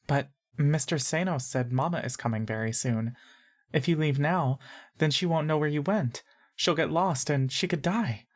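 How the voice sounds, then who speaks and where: A woman's voice: sits low, normal speed, voice pushed up. A woman voicing a frightened, timid small boy.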